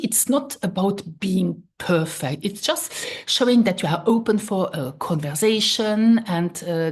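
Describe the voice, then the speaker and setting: A woman teaching a language lesson, repeating phrases slowly and checking in with the learner. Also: fairly low pitch, breathy edge.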